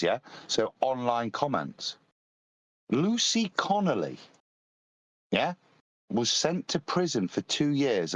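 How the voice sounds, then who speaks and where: A man's voice: mid-range voice, dry recording. A man chatting on a live stream, laying out details in a matter-of-fact way. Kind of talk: casual live-stream chat.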